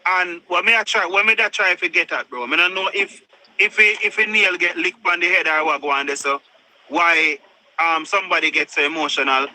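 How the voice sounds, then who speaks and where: Insistent Jamaican man, bright high voice. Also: a little fast, rough recording. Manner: insistent, repeats himself, patois-heavy. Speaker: group chat participant. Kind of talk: heated casual debate.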